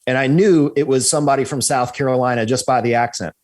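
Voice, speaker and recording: A man, a guest on a podcast, telling a story in a lively way, often checking in with "right?" and restarting his sentences. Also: medium pitch, fast talker. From United States. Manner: animated, repeats "right?" and restarts. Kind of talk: storytelling in an interview.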